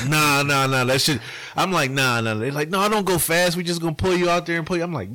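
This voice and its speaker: A man's voice: fairly high pitch, fairly quick, pushed and bright, no room sound. A man telling a story in casual chat, full of slang, acting out his own reactions.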